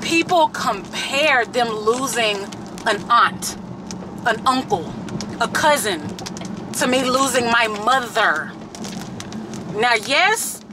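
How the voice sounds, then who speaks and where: Woman, blunt, tearful, cursing, high-ish voice, car with traffic noise around. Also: expressive, takes it slowly, long pauses. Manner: candid and blunt, swears freely. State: tearful, emotional. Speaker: vlogger. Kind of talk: emotional vlog talk. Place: in a parked car.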